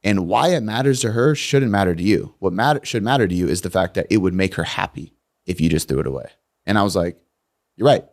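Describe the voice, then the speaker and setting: Male coach, deep, casual and blunt podcast guest. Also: lively intonation, fast talker, a little mellow. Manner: blunt, profane storytelling.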